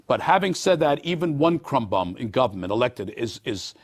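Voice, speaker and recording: A man in his sixties with a Brooklyn accent, a borough official answering interview questions in a folksy, animated way with many hesitations. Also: mid-range voice, moderate pace. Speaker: borough president. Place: TV studio.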